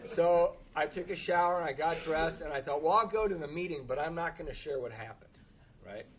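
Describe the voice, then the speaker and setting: A man tells a comic story from his own recovery, poking fun at himself and breaking into laughs as he goes. His voice sits a little higher than most men's. The delivery is easy and conversational, like a share at a meeting. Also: a little fast, low-quality recording. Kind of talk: humorous personal storytelling.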